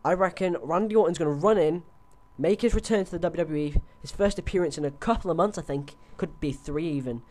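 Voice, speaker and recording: A man's voice: on the high side, a little fast, few pauses, a little mellow. A young man on a headset, chatting loosely through his predictions with lots of fillers and restarts. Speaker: host. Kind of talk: casual wrestling predictions chat.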